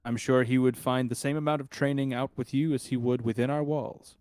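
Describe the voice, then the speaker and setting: A man voicing a calm, courteous younger woman of a village temple. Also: mid-range voice, a little fast, clean tone, dry recording, close to an everyday voice.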